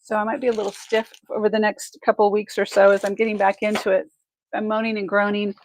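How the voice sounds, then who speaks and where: A woman's voice: mid-range voice, level tone, fast talker, a little hiss or hum, poor audio. A woman hosting a live online jewelry sale, chatty and effusive, thinking aloud as she measures pieces and thanks buyers. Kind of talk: live shopping stream chat.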